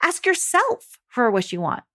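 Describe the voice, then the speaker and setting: A woman's voice: fairly high pitch, wildly swooping pitch, measured pace, sharp tone. A woman life coach talking to mothers in a monologue, upbeat and encouraging, speaking straight to her listeners.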